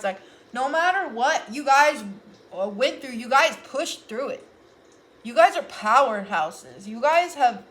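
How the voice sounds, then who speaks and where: A young woman with a fairly high voice gives a casual tarot reading for her viewers. She talks earnestly and loosely, trailing off and restarting her sentences as she goes, with a faint hiss of noise underneath. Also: fairly bright tone. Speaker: tarot reader.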